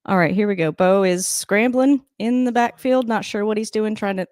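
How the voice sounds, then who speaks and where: A woman's voice: medium pitch, moderate pace, darkish tone, no echo, studio quality. A woman hosting a casual live stream at home, chatting and rambling while reacting to a game on TV and laughing often.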